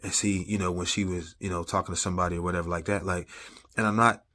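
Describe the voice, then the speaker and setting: Low-voiced man telling a faith story. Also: little pitch movement, quick pace, sharp tone. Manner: conversational, with frequent "you know what I'm saying" fillers. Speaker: vlogger sharing personal testimony. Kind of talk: casual faith-based storytelling.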